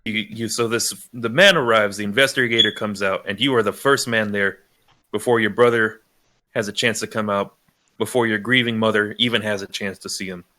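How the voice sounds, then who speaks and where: Guy game mastering a tabletop session, bright voice, lots of restarts. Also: fairly low pitch, steady tone. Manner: halting, with many restarts.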